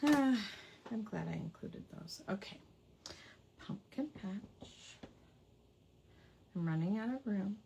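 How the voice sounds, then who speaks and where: A woman's voice: mid-range voice, lively intonation, a little slow, gravelly, a little mellow, slight background noise. A woman hosting a casual craft hangout, chatty and playful, savoring quirky old words with giggles. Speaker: craft livestream host.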